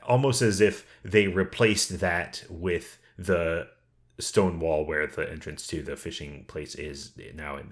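Man, very low voice, podcast co-host, casual rambling chat, restarts his sentences. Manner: meandering, stops and restarts mid-thought.

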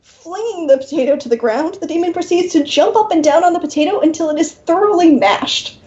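A woman narrating an interactive fiction game aloud for her co-hosts, in an expressive reading style, on a slightly dull recording. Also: very high-pitched, fast talker.

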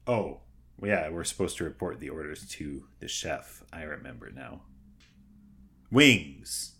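A man playing in a tabletop game, wry and deadpan as he says what his character does. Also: very deep voice, normal speed. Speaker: player. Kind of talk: tabletop role-play.

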